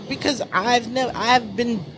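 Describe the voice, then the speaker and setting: A man's voice: extremely high pitch, normal speed, background noise. A man co-hosting a podcast in casual chat, candid and profane, telling stories with animation. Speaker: podcast co-host.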